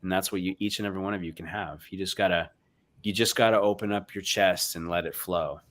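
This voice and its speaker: A man's voice: sits low, fairly even intonation, fast talker. Earnest man on a video call. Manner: earnest, emotional, swings between loud and hushed. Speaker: guest speaker. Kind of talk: heartfelt motivational chat.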